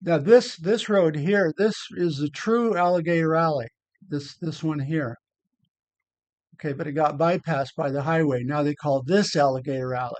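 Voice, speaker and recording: Older guy rambling over his hike pics, kinda high voice, dry close sound, repeats himself a lot. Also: normal speed, no echo. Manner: rambling, repeats words, blunt. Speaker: vlogger. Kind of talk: casual commentary over photos.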